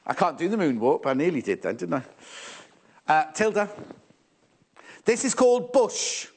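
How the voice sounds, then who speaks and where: A man's voice: on the high side, big pitch swings, moderate pace, a little mellow, slightly rough. A man presenting fabrics live on a shopping channel, chatty and teasing, often repeating prices and stock levels.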